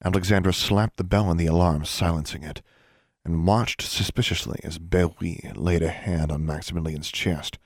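A man narrating an audiobook in a steady, even reading. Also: low-pitched, normal speed, dry recording, studio quality. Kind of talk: scripted narration.

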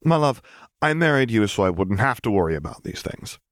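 A man reading a good-humored, earnest Jedi husband with a playful streak. His low voice is lightly lifted and recorded dry and close. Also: very animated, a little fast, a bit bright, dry recording.

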